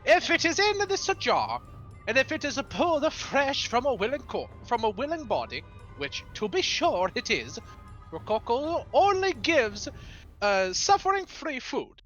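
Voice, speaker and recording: A man's voice: very high-pitched, big pitch swings, unhurried, a bit bright, dull audio, faint music behind, pitched above the performer's own voice, exaggerated voice. A man voicing a short, proud mobster chef who serves demon lords, with theatrical mock-Italian flourish. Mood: indignant.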